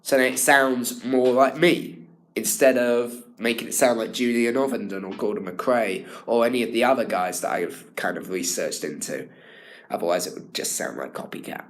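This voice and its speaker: A man's voice: mid-range voice, normal speed. A young man giving a rambling self-evaluation as a drama student. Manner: rambling, full of fillers and restarts.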